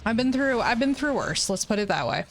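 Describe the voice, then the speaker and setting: A woman's voice: on the high side, big pitch swings, brisk. A woman streamer chatting casually while she plays, candid, jokey and full of slang. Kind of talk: casual chat while playing. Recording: noisy live stream audio.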